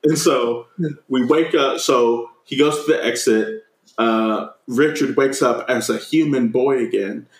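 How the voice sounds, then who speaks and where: A man's voice: medium pitch, unhurried, reverberant, poor audio. A man co-hosting a podcast, recapping a movie scene by scene, swearing freely and acting out the characters' lines. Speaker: podcast co-host. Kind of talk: casual movie recap chat.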